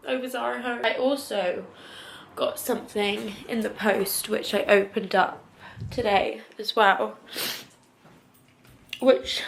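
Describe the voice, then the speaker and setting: A woman's voice: fairly high pitch, creaky. A young woman, chatting casually to camera at home in a rambling way, saying "like" a lot. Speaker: lifestyle vlogger. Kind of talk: casual vlog chat to camera. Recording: echoey room with background noise.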